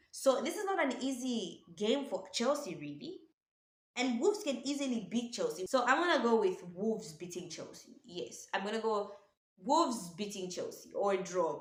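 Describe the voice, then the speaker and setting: An opinionated woman talks football straight to her viewers, making her predictions in a relaxed, chatty way. She keeps calling out to her audience as ladies and gentlemen. Her voice carries a roomy echo, and her pitch sits in the middle for a woman. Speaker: football pundit host. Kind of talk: casual football commentary to camera.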